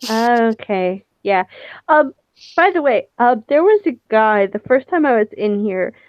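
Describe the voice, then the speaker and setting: A woman's voice: fairly high pitch, animated, unhurried, a little hiss or hum. A woman playing her character in a tabletop game, talking casually and hesitantly with many fillers. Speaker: tabletop player. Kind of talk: in-character role-play chat. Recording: tinny dry phone-like line.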